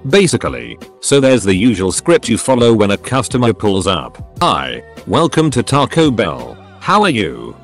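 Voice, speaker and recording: A man with a fairly low voice narrating a run of stories from a script. His pitch rises and falls a lot as he reads. Soft music plays faintly underneath. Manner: reads stories aloud in a lively, storytelling way. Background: faint background music.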